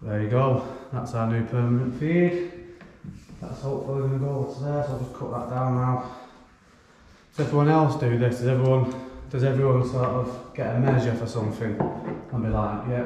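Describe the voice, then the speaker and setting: A man's voice: medium pitch, flat delivery, moderate pace, a little mellow. A man, an electrician, chatting casually and thinking aloud as he works indoors in a house being renovated. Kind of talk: casual explanation while working. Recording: echoey room with faint background noise.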